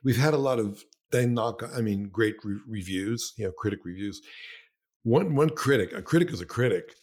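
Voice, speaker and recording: Guy talking about his film, kinda low voice, gets animated doing quotes. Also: moderate pace. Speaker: filmmaker. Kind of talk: casual conversation.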